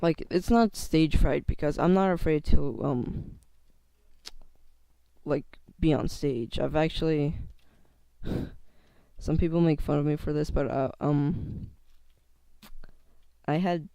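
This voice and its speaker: A man's voice: on the high side, slow, gravelly, pauses often, warm tone, smooth, no room sound. A teenage boy talking hesitantly in a casual vlog, full of fillers and restarts, his voice cracking now and then. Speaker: YouTuber.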